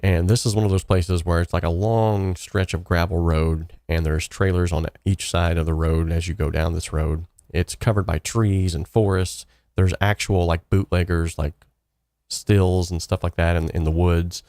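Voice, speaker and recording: A man's voice: low-pitched, level tone, moderate pace, darkish tone, no echo, studio quality. A young man hosting a casual live stream, telling stories in a rambling way with many fillers and restarts. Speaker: host. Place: home studio.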